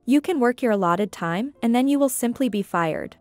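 Woman reading an apologetic man heading a department, plain delivery, fairly high voice. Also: expressive, normal speed, no room sound, soft background music, natural voice. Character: apologetic male department head.

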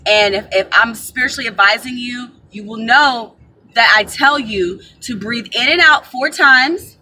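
A woman giving casual spiritual advice to her viewers, chatty and animated, calling them y'all, recorded on a camera mic. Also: fairly high pitch, a little slow, low-quality recording. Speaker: spiritual advisor.

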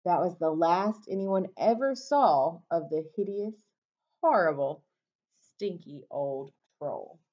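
A woman reads a children's story aloud at a slow, deliberate pace, with expressive storytelling. She stops to ask her young listeners questions, like a teacher. The recording is dull and lo-fi. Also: fairly low pitch.

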